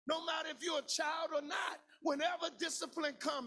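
A man preaching a sermon as pastor, in a shouted, sing-song cadence with lots of repetition. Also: very high-pitched, steady tone, normal speed, hardly any pauses.

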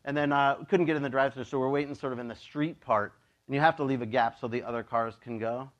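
A man preaching a casual, joking sermon as a pastor, chatty and animated, acting out voices in his stories. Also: medium pitch, fast, lo-fi sound. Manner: chatty, with many "like" and "you know".

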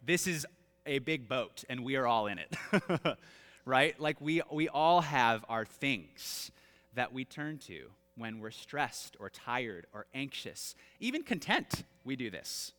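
A man in his thirties, a pastor telling humorous family stories in an animated, self-deprecating sermon, with long hall reverb. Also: mid-range voice, slow pace. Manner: animated, self-deprecating, with laughs and acted-out quotes. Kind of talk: storytelling sermon.

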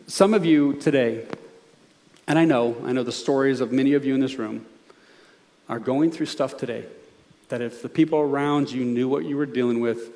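A male pastor preaching a conversational sermon, dropping soft and low for his appeals. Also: moderate pace.

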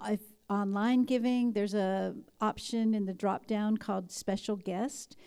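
A woman's voice: medium pitch, dark tone, smooth. A woman pastor talking to her congregation in a loose, conversational way, with many restarts. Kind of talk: sermon and announcements.

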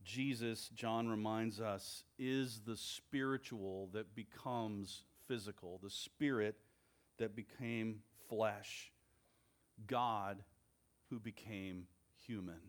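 Male pastor, slow and measured sermon delivery, earnest. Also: on the low side, steady tone.

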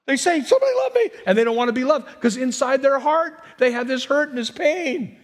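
A middle-aged man preaching a personal, story-driven sermon, talking conversationally and moving between loud emphatic bursts and soft, hushed asides. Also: very high-pitched, moderate pace. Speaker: pastor.

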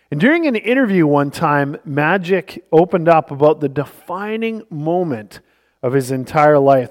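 A male pastor preaching a sermon in a church, earnest and emphatic, telling stories to make his point. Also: on the high side. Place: church sanctuary. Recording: long reverb of a church hall.

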